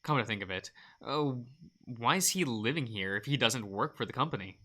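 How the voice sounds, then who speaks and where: A man's voice: mid-range voice, lively intonation, normal speed, bright, forceful tone. A man hosting a let's play, reading a visual novel aloud with playful, wry asides between the narration.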